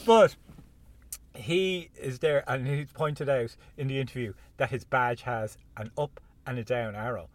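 A man's voice: medium pitch, a little slow. A man co-hosting a casual podcast from a parked car, teasing his co-host with dry banter. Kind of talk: casual chat.

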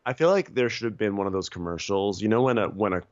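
A man co-hosting a comedy podcast, riffing on a reality show with deadpan absurd bits. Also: fairly low pitch, fast talker, no echo, dull audio. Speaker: podcast co-host.

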